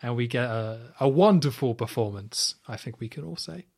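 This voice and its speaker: A man's voice: medium pitch, moderate pace, creaky, darkish tone. A man co-hosting a podcast, chatting casually and enthusiastically about a spy film. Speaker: podcast co-host. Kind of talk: casual film review chat.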